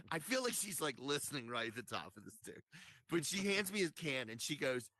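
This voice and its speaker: A man's voice: fairly high pitch, expressive, normal speed, pushed and bright, no echo. A man hosting a stand-up comedy show, rambling through a story and chuckling at his own jokes.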